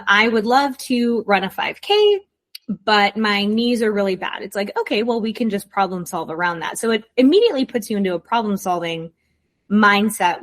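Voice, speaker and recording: A young woman talks straight to her listeners in a relaxed advice monologue. She is conversational and encouraging, tossing in quick asides. Her voice sits in a middle pitch. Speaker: podcast host, coach.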